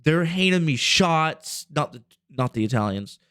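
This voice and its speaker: A man's voice: fairly high pitch, animated, a little slow, bright, forceful tone, clear, resonant tone, no room sound, clean studio sound. A man in his twenties telling a rambling, profane story on a casual podcast. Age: 20s. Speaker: podcast host.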